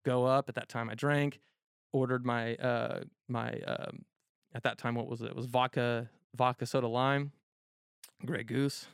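A man in his thirties tells a rambling story, swearing freely and piling on fillers. His voice is gravelly, at an ordinary pitch. The sound is dry and close, with no room around it. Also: a little slow, no room sound. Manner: rambling, profane, animated, many fillers. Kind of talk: casual storytelling on a talk show.

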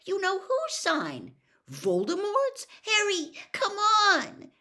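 A woman's voice: very high voice, wildly swooping pitch, slow pace, bright, forceful tone, pitched above the performer's own voice, full character voice. A woman voicing a frightened teenage girl who urges her friend on. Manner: urgent, pleading.

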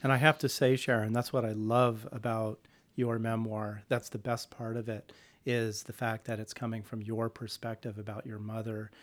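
A woman's voice: rumbling low, flat delivery, moderate pace, hardly any pauses. A woman interviewer asking open questions and affirming her guest in a casual conversation. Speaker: interviewer, host.

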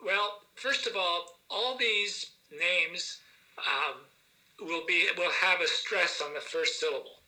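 A man patiently correcting name pronunciations in a casual chat, with many pauses and fillers. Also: sits high, bright, forceful tone, rough recording. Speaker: pronunciation guest.

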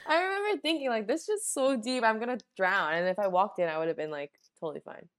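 A woman's voice: mid-range voice, expressive, quick pace. A young woman co-hosting a podcast, retelling a family memory in casual chat, acting out quotes and laughing. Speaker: podcast co-host.

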